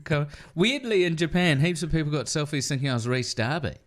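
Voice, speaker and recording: A man's voice: fairly high pitch, quick pace. A man with a New Zealand accent, a comedian guest in a podcast studio, chatting casually and acting out the people in his stories. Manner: animated storytelling, swearing, acting out quoted people. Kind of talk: casual chat.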